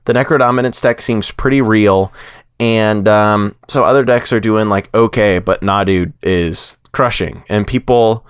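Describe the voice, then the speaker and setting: A man hosting a casual podcast, chatty and animated, with plenty of filler words. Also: lowish voice, measured pace, smooth, no echo, clean studio sound. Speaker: podcast host.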